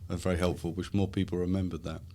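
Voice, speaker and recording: Very low-voiced gentle man. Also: flat delivery, quick pace. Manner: gentle, prompting, repeats answers back. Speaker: host interviewing his young daughter; university professor. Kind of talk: casual interview. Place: university studio.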